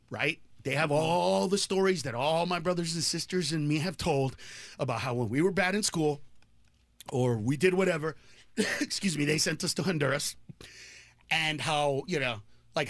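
Animated middle-aged man, bright dry voice. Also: on the high side, dry recording. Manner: animated, bursts into loud laughing shouts when acting out stories. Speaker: stand-up comedian guest. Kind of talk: candid storytelling on a podcast.

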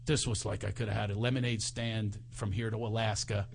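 A man, a comedian guest, telling comic stories in conversation with an animated, self-mocking manner and frequent laughter. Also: on the low side, a little fast, vocal fry.

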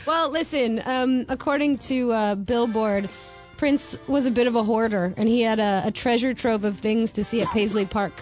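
A woman's voice: a little high, moderate pace, faint music behind. A woman co-hosting a radio show, chatting casually and reading entertainment news. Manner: chatty, reads entertainment news, laughs easily. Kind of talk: casual morning show banter.

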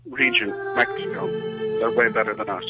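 A man's voice: fairly low pitch, fairly even intonation, normal speed, loud music behind the voice, poor audio. A man calling in to a show, talking about soccer with earnest hesitation. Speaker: caller. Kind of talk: phone-in chat.

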